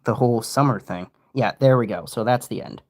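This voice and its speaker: A fairly quick, medium-pitched young man chats his way through a casual stream, drifting from thought to thought. He's energetic and keeps interrupting himself.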